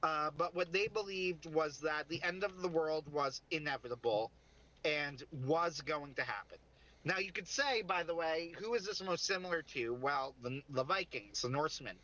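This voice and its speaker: Rambling, bright-voiced male livestream co-host. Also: on the high side, normal speed, lo-fi sound. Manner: rambling, self-interrupting, laughs often. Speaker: podcast co-host. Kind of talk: casual livestream chat.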